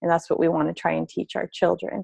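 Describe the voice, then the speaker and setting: Gentle woman therapist giving a webinar. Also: lowish voice, completely flat delivery, fast, gravelly, breathy edge, no echo. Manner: gentle, explanatory, acts out example dialogues with children. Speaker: family therapist presenting a webinar. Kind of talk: spoken webinar presentation.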